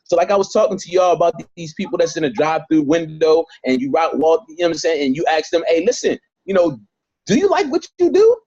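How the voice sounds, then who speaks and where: This man's voice sits on the high side, fast with hardly any pauses, fairly even in intonation, darkish and slightly rough, in a muffled recording. He's leading a network marketing training over video, addressing his group directly, emphatic and repetitive.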